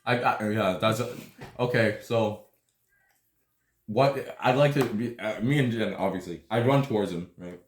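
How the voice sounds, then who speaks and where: Low-voiced young man playing a tabletop game. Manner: halting, stumbling restarts. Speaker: player. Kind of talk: casual tabletop game chat. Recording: echoey room with faint noise.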